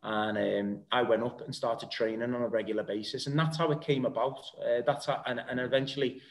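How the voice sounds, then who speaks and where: A man's voice: medium pitch, fairly even intonation, brisk. A man in his thirties, a footballer being interviewed, talking in a rambling, casual way with many fillers and restarts. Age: 30s. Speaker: guest footballer.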